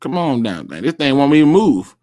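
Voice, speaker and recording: Animated male sports talk host. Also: mid-range voice, brisk. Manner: animated, talks to viewers directly, reads out and reacts.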